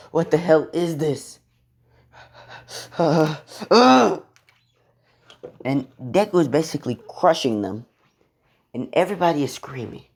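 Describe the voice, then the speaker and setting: A man's voice: medium pitch, darkish tone. A young man casually retelling a fan story from his bedroom, rambling and swearing offhandedly. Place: bedroom at home.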